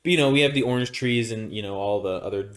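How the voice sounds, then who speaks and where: This podcast co-host from Arizona speaks fast in a lowish voice. He rambles through a long story casually, with plenty of restarts and fillers.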